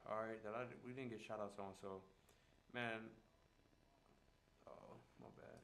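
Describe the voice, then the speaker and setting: A man's voice: on the low side, fairly even intonation, a little slow, a bit bright. A man streaming live and talking casually to his chat in a laid-back, slangy way. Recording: echoey room with faint background noise.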